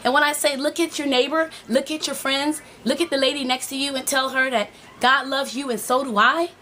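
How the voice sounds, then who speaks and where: A woman's voice: sits high, steady tone, fairly quick, sharp tone, a little hiss or hum. A woman life coach giving a preachy, motivational talk to women, speaking straight to her viewers and repeating her points.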